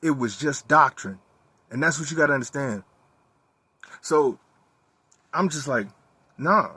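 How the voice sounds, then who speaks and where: A young man talking candidly in a personal monologue, profane and animated as he tells his story. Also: medium pitch, unhurried, breathy edge, no room sound. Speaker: vlogger.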